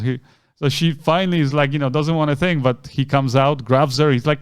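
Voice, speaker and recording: A man co-hosting a podcast, casually retelling a story and acting out the voices of the people in it with big jumps in pitch. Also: steady tone, a little fast, clear, resonant tone. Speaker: podcast co-host.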